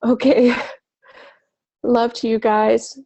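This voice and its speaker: A woman with a cold hosts a spiritual webinar in loose, chatty talk. Her voice is gravelly and mellow, and she gushes through plenty of fillers and the odd swear word. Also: a little high, little pitch movement, very slow. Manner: gushing, chatty, swears casually, many fillers. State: has a cold. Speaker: spiritual coach hosting a webinar. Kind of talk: casual live webinar talk.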